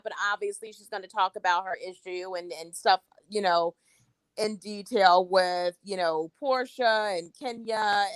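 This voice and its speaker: A woman's voice: mid-range voice, a bit bright, clear, resonant tone, dry recording. A woman giving her opinion in casual chat, hesitant and full of "you know" fillers. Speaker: guest panelist.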